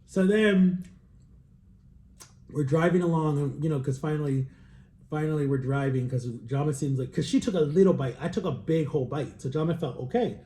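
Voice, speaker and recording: A young man casually telling a story while tasting wine, animated, acting out quotes with jumps in pitch. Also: moderate pace, reverberant. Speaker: vlogger.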